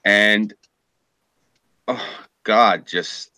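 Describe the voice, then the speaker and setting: Profane ranting man, bright and dry. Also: fairly low pitch, extremely slow, dry recording. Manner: profane, ranting, mocking impressions. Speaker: podcast co-host, former journalist. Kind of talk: casual political chat.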